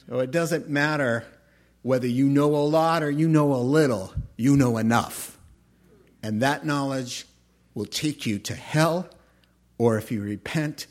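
Man, pastor, preaching a sermon, emphatic, swings loud and soft, fairly high voice.

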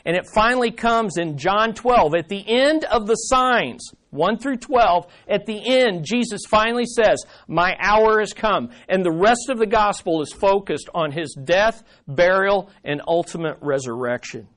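A male pastor with a fairly high voice delivers an animated sermon. He swings between raised, emphatic lines and hushed, earnest passages, and often turns to the congregation with conversational rhetorical questions. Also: unhurried, hardly any pauses. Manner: animated, shifting between loud emphasis and quiet earnest asides.

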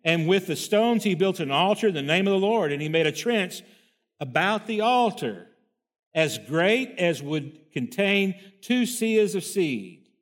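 A man's voice: sits high, sing-song, unhurried. A man preaching a sermon, reading scripture aloud and breaking in with folksy asides and rhetorical questions. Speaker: pastor.

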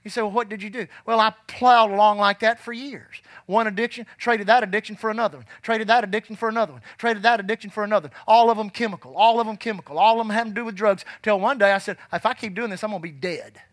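A man preaching a sermon in church, fervent and rising to shouts, dropping low and quiet when telling his past. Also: fairly even intonation, fast, few pauses, no room sound.

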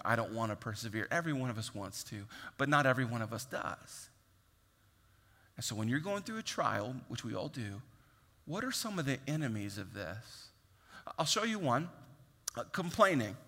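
A man delivers a sermon in an earnest, conversational manner, often slipping into little acted-out voices. His voice is bright, forceful and a touch high. The sound carries a long reverb from a large hall. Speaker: pastor.

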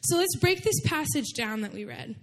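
Chatty young woman preaching, high voice. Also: expressive, normal speed. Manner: chatty, full of "like", laughs while telling stories. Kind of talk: casual storytelling sermon.

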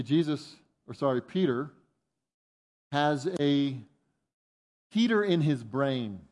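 This man, a pastor, preaches with animation, jumping higher in pitch to act out the disciples' objections and going quiet for thoughtful points.

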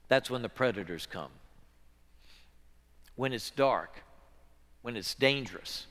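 Bright-voiced preacher in a reverberant church. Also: male voice, medium pitch, expressive, slow pace, long pauses. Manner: earnest preaching that swells from hushed to loud and back. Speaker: pastor. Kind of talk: sermon.

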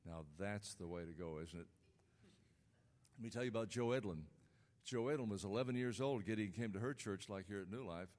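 A man's voice: fairly low pitch, a little mellow. A man giving a folksy talk to a church congregation, asking them questions as he speaks. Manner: folksy, asks the audience questions. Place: church sanctuary. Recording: echoey church hall.

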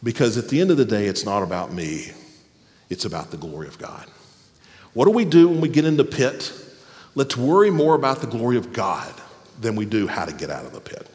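A man preaching a sermon as pastor, animated, then dropping to a soft, quiet voice for tender moments. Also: fairly low pitch, a little fast. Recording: long hall reverb.

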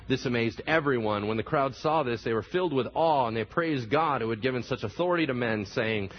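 A man's voice: medium pitch, dull audio, a little hiss or hum. A man preaching a sermon, telling the story with animation and acting out the voices of the people in it. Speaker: pastor.

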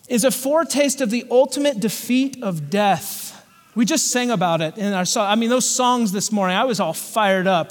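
A man with a high voice delivers an earnest sermon from the pulpit, slowing down when he reads scripture aloud. The church sanctuary gives a long, ringing reverb. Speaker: pastor.

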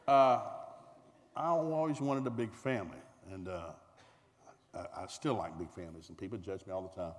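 A middle-aged man with a Southern US accent telling a comic family story to a live audience in a folksy, animated way. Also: moderate pace. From American South. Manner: folksy, animated, acts out voices, climbs high when excited. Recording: reverberant hall with faint noise.

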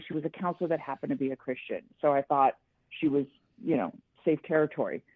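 A woman's voice: deep voice, lively intonation, fast, husky, no echo. A middle-aged woman, a guest columnist, telling her story earnestly and emphatically in a radio interview. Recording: tinny dry phone line.

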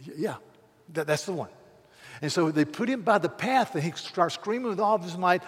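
Passionate preacher guy, kinda high husky voice, loud then hushed, echoey church hall. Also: expressive, moderate pace. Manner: impassioned, swings from loud to hushed. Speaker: pastor. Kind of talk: sermon.

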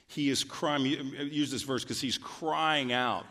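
Steady, bright and forceful, a mid-range male voice delivers a sermon, reading from scripture at a measured pace. As he goes on, the pastor climbs into fervent emphasis, his words echoing through a reverberant hall.

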